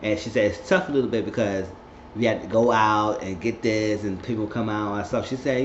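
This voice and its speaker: A man's voice: on the low side, a little fast. A man giving a casual, slangy recap of a TV episode, acting out the characters' lines as he tells it. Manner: animated, slangy storytelling with quoted dialogue. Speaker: recap vlogger. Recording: muffled echoey room, faint hum.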